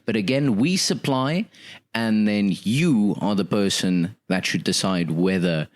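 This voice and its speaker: A male podcast co-host who rambles earnestly in a mock-formal customer-service tone. His voice sits on the low side. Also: a little slow. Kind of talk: casual comedic role-play and banter.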